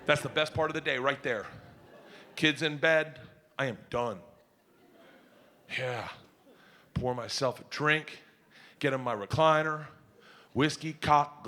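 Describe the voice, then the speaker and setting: A man telling a stand-up story, loud and animated, shouting as he acts out lines. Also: a little high, a little hiss or hum. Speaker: stand-up comedian.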